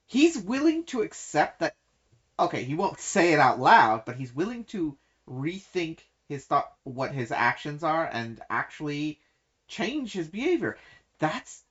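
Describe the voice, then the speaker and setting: A woman co-hosting a casual book discussion podcast, talking in animated, quick bursts and laughing often. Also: low voice. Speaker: podcast co-host. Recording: dull lo-fi sound.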